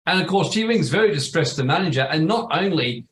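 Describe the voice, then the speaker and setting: A man's voice: a little high, expressive, quick pace, a bit bright. A man hosting a webinar, telling rambling, blunt anecdotes with some salty language. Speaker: webinar host. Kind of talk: casual storytelling. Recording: roomy echo with faint noise.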